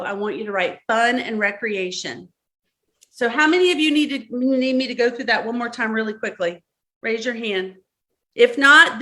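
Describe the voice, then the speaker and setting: A Southern woman with a voice on the high side and a sharp tone runs a live-streamed workshop. Her instructions come step by step, with key words repeated and frequent check-ins with the audience.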